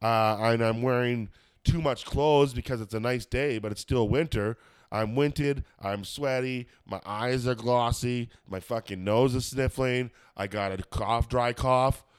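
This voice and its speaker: A man's voice: mid-range voice, a little slow, clear, resonant tone, no echo, studio quality. A man, a comedian hosting a podcast, chatting casually and rambling with lots of swearing and fillers; he has a cold and a smoker's cough. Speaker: podcast host and stand-up comedian. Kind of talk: casual chat.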